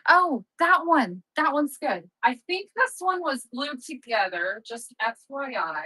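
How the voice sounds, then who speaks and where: A woman's voice: high-pitched, big pitch swings, a little slow, pushed and bright, no room sound, poor audio. A young woman hosting a live-selling stream, chatting casually, upbeat and often laughing at herself. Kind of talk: casual live-sale chat.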